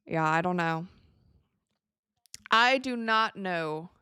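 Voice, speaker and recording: A young woman from the United States hosting a live watch party, chatting casually with viewers and reacting excitably to the game. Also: lowish voice, takes it slowly, clear, resonant tone, no room sound, clean studio sound. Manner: chatty, excitable, reads viewer messages aloud. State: tired, yawning.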